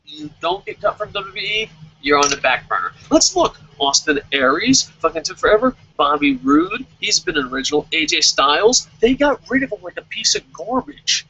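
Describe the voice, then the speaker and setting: A man's voice: high-pitched, very animated, normal speed, creaky, sharp tone, lo-fi sound, a little hiss or hum. A young man reviewing a wrestling show in a heated, profane rant. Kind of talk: angry rant in casual chat.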